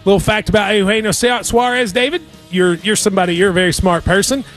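A man's voice: sits high, fast, fairly bright tone, faint music behind. A man hosting a sports radio show, chatting casually about betting picks with wry, playful banter.

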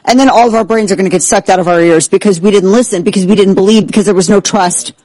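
A man hosting a talk show, excitable and sarcastic, who keeps breaking into exaggerated impressions. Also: high-pitched, fast, no room sound, low-quality recording. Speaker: host. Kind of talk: animated political talk show banter.

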